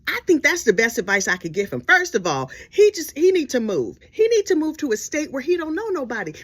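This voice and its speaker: A woman telling a gossip story in casual storytelling style, animated and sassy with dramatic asides. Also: sits high, brisk.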